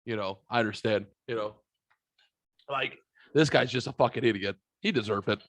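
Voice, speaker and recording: A man's voice: fairly low pitch, normal speed, fairly bright tone, no room sound. A man co-hosting a podcast, cutting in with blunt questions and crude wisecracks. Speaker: podcast co-host. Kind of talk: casual chat.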